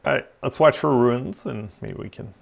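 A man's voice: mid-range voice, normal speed, creaky. A man chatting casually during a game stream, laughing often and muttering asides. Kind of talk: casual gaming chat.

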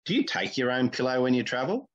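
A man trading banter on a comedy podcast, blunt and crude with a deadpan delivery. His voice sits at a middle pitch. The audio is a bit dull and muffled. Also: quick pace. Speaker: podcast co-host.

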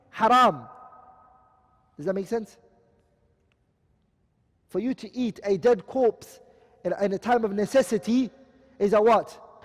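A man's voice: high voice, big-room sound. A man teaching a class, explaining terms and asking his students questions as he goes. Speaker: Islamic studies teacher. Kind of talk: classroom lecture.

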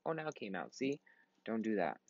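A man's voice: on the low side, big pitch swings, a little fast, no echo, dull audio. A tired young man in his twenties giving rambling, casual commentary while playing a computer game, swearing often and breaking into sudden outbursts. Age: 20s. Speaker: gaming vlogger.

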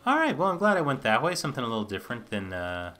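Lively, bright-voiced man joking through a game. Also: medium pitch, fast. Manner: wry, joking asides while reading game dialogue. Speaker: gaming channel host. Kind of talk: let's play commentary.

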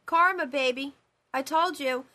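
A woman's voice: high voice, unhurried, sharp tone. A woman hosting a live call-in show as a psychic medium, talking in a rambling, emphatic way with many repeated phrases.

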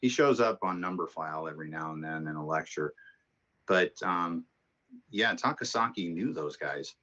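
A relaxed math instructor with a very low, deep voice talks at a moderate pace, wandering through anecdotes before getting into the lesson. The recording is muffled and lo-fi, as if from an online class.

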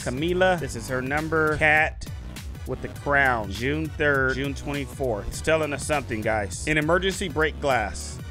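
A young man giving casual let's-play commentary, reading game prompts aloud and yelping at the game. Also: medium pitch. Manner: excitable, reads game prompts aloud, yelps and whines at the game. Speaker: gaming YouTuber. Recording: gameplay commentary over loud game music.

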